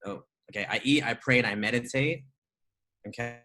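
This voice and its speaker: A young man giving an energetic, chatty motivational talk to a group on a video call. He often adds "right?" and laughs as he goes. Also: medium pitch, fairly quick, soft background music, low-quality recording. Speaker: trading mentor speaking to a group call.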